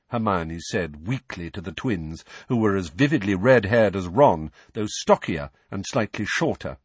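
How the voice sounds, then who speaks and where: A man narrating an audiobook with expressive storytelling. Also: on the low side, normal speed, hardly any pauses, slightly rough, no room sound. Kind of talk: scripted narration.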